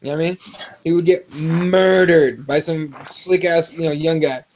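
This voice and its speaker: A man hosting a casual fight-preview show, animated and swearing freely as he rants. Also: on the high side, normal speed, a little hiss or hum. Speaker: podcast host. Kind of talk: profane casual fight talk.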